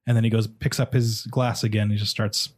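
A man narrating as game master of a tabletop game, halting and filling pauses with "uh". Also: on the low side, level tone, slightly rough. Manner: halting, lots of fillers.

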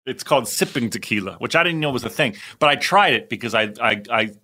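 Chatty male podcast co-host, bright voice. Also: mid-range voice, lively intonation, quick pace. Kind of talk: casual chat.

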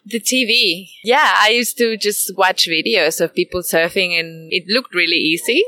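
Woman in her 30s, cheerful, quick to laugh, bright voice, outdoors. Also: mid-range voice, a little hiss or hum. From Mexico. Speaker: guest. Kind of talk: casual conversation. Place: outdoors at a cafe picnic table.

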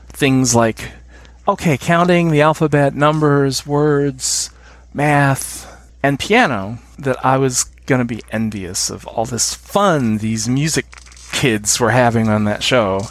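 An enthusiastic middle-aged man with an American accent chats easily as an interview guest, his voice sitting at an ordinary pitch. He chuckles often and now and then hums a tune to make his point. The recording is dry and close, with no room sound around him. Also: dry recording. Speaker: podcast guest. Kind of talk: casual interview chat.

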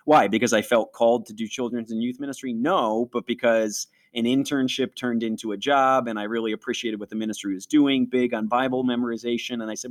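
A man's voice: medium pitch, steady tone, fairly quick, few pauses. A man in his forties from Western New York, hosting and telling his personal faith story in an interview, earnest and reflective, often acting out his own past thoughts.

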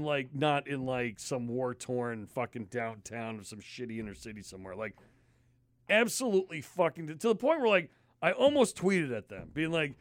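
A man's voice: mid-range voice, no room sound. Profane man ranting, dry studio. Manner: animated, swears constantly, disgusted ranting. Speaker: podcast host. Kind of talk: casual profane storytelling.

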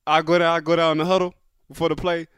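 A man telling a lively football story in casual chat, acting out quotes with big jumps up and down in his voice. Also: fast, clear, resonant tone, no room sound, clean studio sound. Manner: animated storyteller who acts out quotes, jumping high and dropping low. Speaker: co-host, former football player.

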